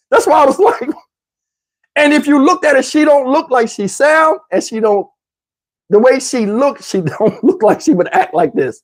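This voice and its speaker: A man doing stand-up storytelling, animated and addressing the audience. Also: extremely high pitch, moderate pace. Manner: animated, talks to the audience, mimics voices. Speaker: comedian telling a story.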